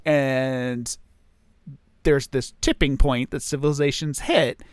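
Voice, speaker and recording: A man's voice: medium pitch, steady tone, slow, dry recording. Casual male podcast co-host, rambling delivery, dry close sound. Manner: rambling, many fillers and restarts. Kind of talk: casual chat.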